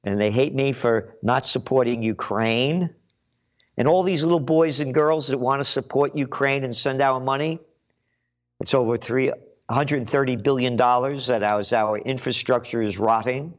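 A man's voice: medium pitch, fairly even intonation, moderate pace, dull audio. A man hosting his own show, delivering a blunt, combative, emphatic commentary monologue. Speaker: show host.

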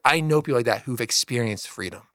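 A man's voice: medium pitch, expressive, fast talker, a bit bright, no echo. A man co-hosting a church podcast, talking earnestly and encouragingly in a casual way, with many "like"s. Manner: earnest, encouraging, says "like" often. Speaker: podcast co-host.

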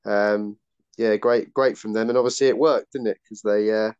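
A man's voice: on the low side, fairly even intonation, moderate pace, a little mellow, smooth, dry recording. Man, panelist, dry jokey delivery, muffled and dead-dry audio. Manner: dry, joking. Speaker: podcast panelist. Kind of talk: casual chat among friends.

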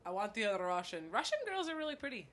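A woman co-hosting a casual podcast, laid-back and quick with quips. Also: medium pitch, very animated, a bit bright. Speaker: podcast co-host.

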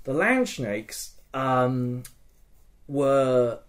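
A man's voice: mid-range voice, expressive, extremely slow. A man hosting a podcast, telling a story in casual chat. He swears freely and keeps checking in with "right?" and "okay?". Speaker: podcast host.

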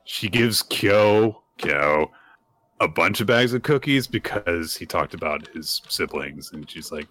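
A man co-hosting a casual podcast, retelling a chapter in a chatty way with lots of fillers and pitch jumps for quoted lines. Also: animated, measured pace, fairly bright tone. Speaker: podcast co-host. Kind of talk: casual chat recapping manga chapters.

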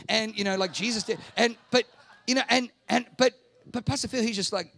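A man's voice: high-pitched, brisk, gravelly, sharp tone, no room sound. A man preaching a sermon with emphatic, repetitive phrasing, rhetorical questions and calls for the congregation to respond. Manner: calls the audience to respond aloud. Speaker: pastor.

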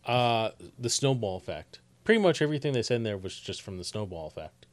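A man's voice: on the low side, big pitch swings. Chatty New man. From New Jersey. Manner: chatty, quick to laugh at his own jokes. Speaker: podcast co-host. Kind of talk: casual chat.

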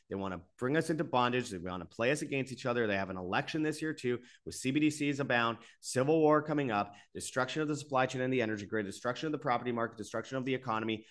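A man's voice: mid-range voice, a bit bright. A man hosting his own channel, delivering an exasperated, repetitive monologue that keeps rising into bursts before he reads sponsor spots. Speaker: host of an alternative media channel.

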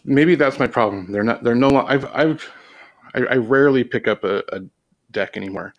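A man in his forties in casual chat, speaking in a hesitant, halting, soft-spoken way. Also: medium pitch, lo-fi sound. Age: 40s.

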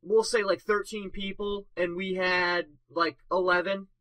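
A young man co-hosting a casual podcast, spinning long rambling anecdotes packed with fillers and bursts of laughter at his own jokes. His voice sits high and very bright. The sound is dry and close, with no room around it. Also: level tone, measured pace, dry recording, rough recording. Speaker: podcast co-host. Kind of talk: casual storytelling.

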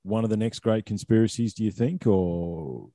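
A man's voice: fairly low pitch, moderate pace, warm tone. An Australian man in his forties hosting a casual conversation, rambling and repeating words.

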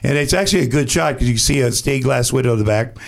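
A middle-aged man, a podcast guest, telling a rambling story in a casual, animated way and acting out the quotes. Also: medium pitch, very fast, vocal fry.

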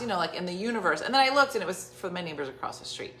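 With a medium pitch and a racing delivery, a middle-aged vlogger tells her viewers a wandering story from her own life. She brings the dialogue to life by switching voices and sometimes whispering, staying lively and talkative. It's recorded in an echoey room with faint background noise.

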